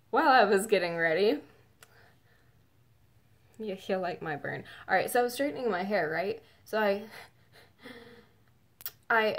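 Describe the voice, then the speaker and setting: A woman telling a personal story in a casual, rambling way with many fillers, close to tears and emotional. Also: medium pitch. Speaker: fan telling her story.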